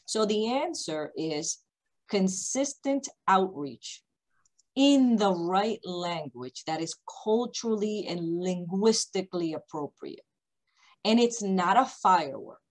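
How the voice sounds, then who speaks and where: A woman who founded a company, speaking on a video call panel with emphatic, deliberately slow, repetitive points. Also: medium pitch, lively intonation, rough recording. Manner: emphatic, repeats key points, speaks slowly on purpose.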